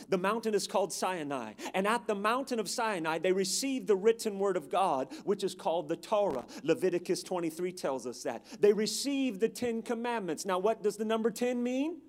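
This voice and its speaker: A man with a high voice preaches with dramatic, emphatic delivery. He builds to rousing questions and calls the congregation to answer back. The delivery is that of a full sermon. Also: a little mellow.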